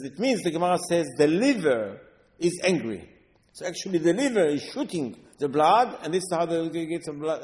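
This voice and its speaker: Rabbi lecturing in a reverberant hall. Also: male voice, a little high. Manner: animated storytelling, acting out voices of sages. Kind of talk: Torah lecture.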